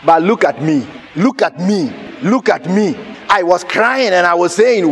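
A man preaching a sermon in a church, telling a personal story with laughter and sudden shouts. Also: high voice, a little slow, hardly any pauses, slightly rough. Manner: animated, laughing, bursts of shouting. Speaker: pastor.

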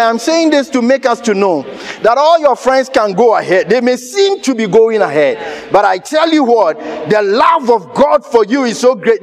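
A man preaching a sermon, telling a personal story with animated laughter and sudden shouted lines. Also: very high voice.

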